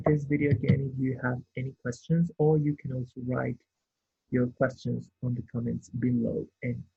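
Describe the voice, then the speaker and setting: A man's voice: medium pitch, creaky, slightly rough. A man teaching an English grammar lesson, explaining patiently step by step and checking in with his listeners. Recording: tinny phone-like sound.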